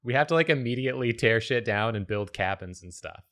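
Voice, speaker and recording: A man chatting casually while drawing, making absurd jokes in a deadpan way. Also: medium pitch, brisk. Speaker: show host and artist.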